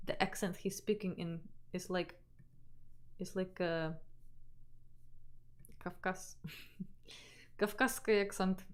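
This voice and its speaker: A woman's voice: on the low side, steady tone, very slow, pauses often. A woman in her twenties from Canada, hosting a livestream and chatting casually with viewers, often trailing off and restarting her sentences. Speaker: livestream host.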